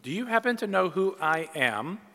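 A man's voice: high voice, sing-song, moderate pace, sharp tone, big-room sound, pitched above the performer's own voice, full character voice. A preacher telling a joke, voicing an indignant elderly woman who is the pastor's mother.

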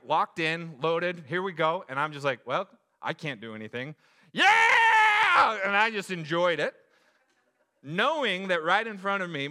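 Animated storytelling male pastor. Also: on the high side. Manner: animated storyteller, acts out voices. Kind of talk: sermon with personal stories.

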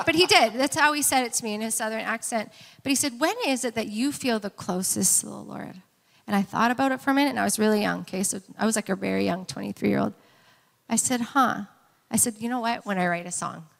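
A woman's voice: sits high, a bit bright, big-room sound. A woman preaching to a church congregation, earnest and rallying them with frequent amens. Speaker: worship leader and co-pastor. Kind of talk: sermon. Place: church sanctuary.

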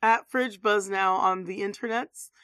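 A woman's voice: medium pitch, steady tone, unhurried, fairly bright tone, dry recording, clean studio sound. A woman guesting on a podcast, laughing often in casual chat.

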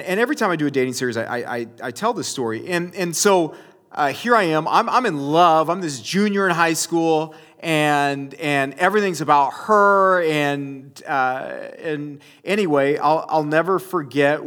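A man with a slightly high, somewhat bright voice gives a sermon, addressing his audience directly as he tells a personal story. He rambles, with many restarts and fillers.

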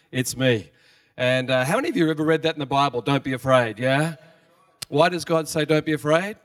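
A man's voice: fairly high pitch, a bit bright, dry recording. A man preaching as a visiting pastor in a church, talking in a friendly, conversational way, repeating words and asking the congregation questions. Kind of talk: sermon. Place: church hall. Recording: dry sound from a distant mic.

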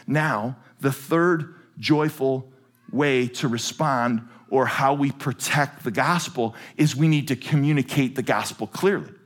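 A man preaching a sermon to a church congregation, animated and jokey. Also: mid-range voice, unhurried. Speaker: pastor. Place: large church with balcony.

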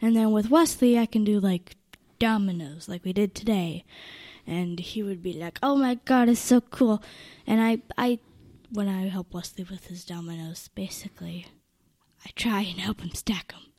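A teenage girl talking casually about her younger siblings, giggling and often dropping into a soft near-whisper. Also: medium pitch, fairly even intonation, moderate pace, no room sound. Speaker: interviewee, older sibling. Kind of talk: casual family interview.

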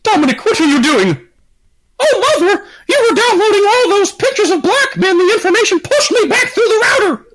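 Brief: man doing a falsetto cartoon mom, overwrought, voice swooping all over. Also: sing-song, brisk, low-quality recording. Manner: shrill, theatrical, melodramatic. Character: doting, unhinged cartoonish mother. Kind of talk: improvised comedy voice in online chat.

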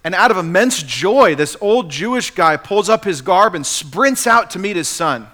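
A pastor preaching a sermon in an animated, emphatic storytelling manner. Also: male voice, high voice, normal speed.

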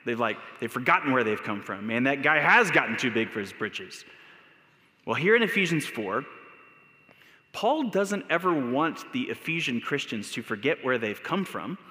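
A man's voice: mid-range voice, big pitch swings, normal speed, pushed and bright. An American man preaching a casual sermon as a pastor, talking in a loose, conversational, storytelling way. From United States. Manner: conversational, storytelling, filler words. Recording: echoey hall with long reverb.

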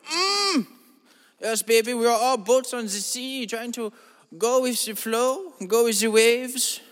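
A man's voice: extremely high pitch, a bit bright. A man voicing a rambling, self-absorbed eccentric in a comedy monologue, drawling and meandering, then turning suddenly crude. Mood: dreamy. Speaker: comedy podcast host. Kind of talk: absurd comic monologue in a character voice. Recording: long reverberant echo.

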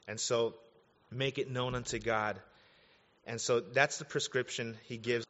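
A man in his thirties, a pastor preaching an animated, conversational sermon with casual asides. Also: mid-range voice, measured pace. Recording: dull sound, long hall reverb.

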